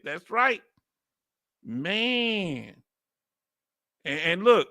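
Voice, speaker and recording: Man, texas accent, reaction host, animated slangy chatter, bright tense voice. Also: high-pitched, no echo, clean studio sound. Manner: animated, slangy, laughs often. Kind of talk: reaction commentary.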